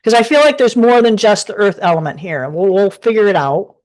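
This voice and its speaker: Speaking a little fast in a medium-pitched, slightly mellow voice, a woman does a casual live tarot reading at her desk at home. She rambles and chats, frequently starting over.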